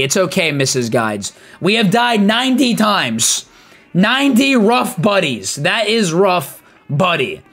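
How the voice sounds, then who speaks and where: A young man giving lively live commentary on his game, chatty and hyped, greeting viewers by name. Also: on the high side, breathy edge. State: out of breath. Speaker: streamer.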